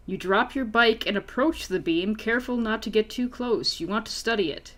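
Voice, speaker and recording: A woman's voice: on the high side, a little fast, hardly any pauses, fairly bright tone. A woman reading an adventure book aloud as game master, playful and casual, laughing and swearing among friends. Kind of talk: reading a story aloud to players.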